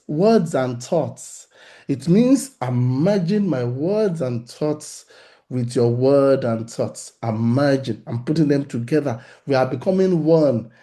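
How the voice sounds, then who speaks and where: A man's voice: on the high side, dark tone. A middle-aged man, teaching on relationships in a sermon, animatedly acting out little conversations. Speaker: pastor.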